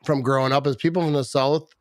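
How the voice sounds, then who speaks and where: A man's voice: mid-range voice, steady tone, quick pace, dry recording, clean studio sound. A middle-aged man from Wisconsin hosting a podcast, a little tipsy, rambling in a loose way with lots of "like" and "bro". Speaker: podcast host. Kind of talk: casual podcast chat.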